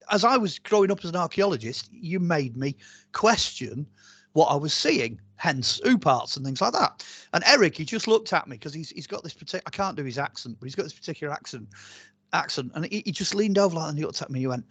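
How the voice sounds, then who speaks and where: Brief: man, archaeologist guest, chatty rambling storyteller, higher voice, dry close sound. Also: brisk, breathy edge, no room sound. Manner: chatty and animated, rambling with many fillers and restarts. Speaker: archaeologist and author, interview guest. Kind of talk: casual interview storytelling.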